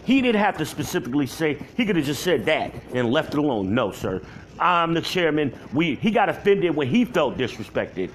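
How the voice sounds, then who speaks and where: A man shouts an angry rant into his camera alone at home, profane and heated. His voice sits fairly high, and a faint hiss runs under the recording. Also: very animated, a little fast, hardly any pauses. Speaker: vlogger.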